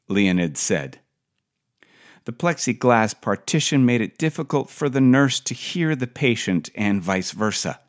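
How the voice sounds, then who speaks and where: A man's voice: lowish voice, expressive, a little slow. A middle-aged man reading his own personal essay for a podcast in a dry, wry storytelling manner.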